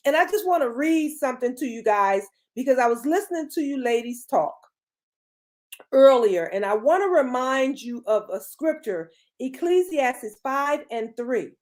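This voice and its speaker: A middle-aged woman gives a motivational talk as a podcast co-host. Her voice sits high, and she drives her points home by repeating phrases. She sounds emphatic and a little preachy. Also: a little mellow.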